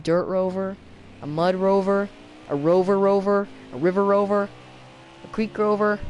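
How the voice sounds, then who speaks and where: A woman giving rambling, self-mocking commentary while playing a racing game, with sudden excited outbursts. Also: medium pitch, moderate pace, highs cut off, a little hiss or hum. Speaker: gaming video creator. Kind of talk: rambling let's-play commentary.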